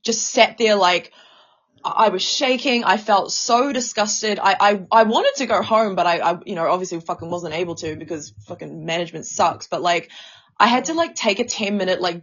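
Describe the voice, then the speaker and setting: A woman's voice: mid-range voice, lo-fi sound. A woman co-hosting a casual podcast, talking with feeling, stammering and swearing a lot. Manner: emotional, stammering, swears often. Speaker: podcast co-host.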